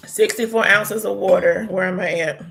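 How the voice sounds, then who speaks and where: A woman's voice: medium pitch, steady tone, normal speed, vocal fry, over loud music. A young woman, hosting a casual live-stream chat, chatty and prayerful, her voice sounding tired. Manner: chatty, prayerful, talks to viewers as y'all. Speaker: host.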